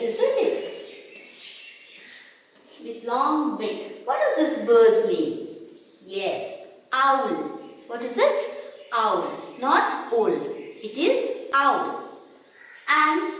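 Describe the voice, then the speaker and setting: A woman with an Indian English accent teaches young children their letter sounds, spelling words out and asking questions, her pace very slow and deliberate. She is heard from some way off the mic, and the room gives her voice a long, echoing ring. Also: sits high. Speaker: kindergarten teacher. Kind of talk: recorded phonics lesson for young children. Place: classroom or school room. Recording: echoey room, voice from a distance.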